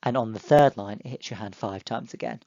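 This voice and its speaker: A young man, teaching an online lesson to primary school children in a clear, encouraging way. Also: fairly low pitch, a little fast, mellow, no echo, lo-fi sound. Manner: clear, encouraging, speaks to pupils directly.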